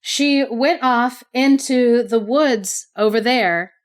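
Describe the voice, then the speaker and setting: Gentle storybook farmer, read by a woman, steady and reassuring. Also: fairly high pitch, slow pace, clean tone. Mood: calm. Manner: calm, reassuring. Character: kind, humble male farmer.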